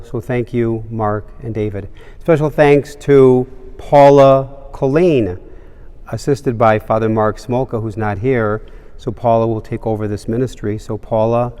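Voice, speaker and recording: Priest preaching in a reverberant cathedral. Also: male voice, mid-range voice, warm tone. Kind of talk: homily with a joke.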